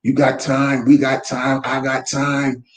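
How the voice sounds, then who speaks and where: A man running his company's weekly motivational talk from home, speaking fervently like a preacher and breaking into shouts. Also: mid-range voice, monotone, slow, echoey room. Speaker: real estate company owner, host. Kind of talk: live faith-based motivational talk. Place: room at home. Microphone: camera mic.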